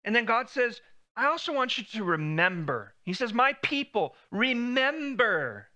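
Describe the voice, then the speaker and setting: A man's voice: high-pitched, sing-song, normal speed, bright, forceful tone. A man preaching a sermon in a conversational way, lifting his voice when he quotes God.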